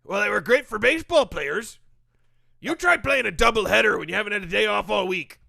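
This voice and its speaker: A man's voice: high-pitched, expressive, a little fast, bright, forceful tone, no room sound, exaggerated voice. A man playing a cranky, ancient baseball veteran in a comedy sketch, who rants, grumbles and threatens to thump people with his cane. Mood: gruff. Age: older. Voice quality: gravelly. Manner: grumpy, ranting, barking.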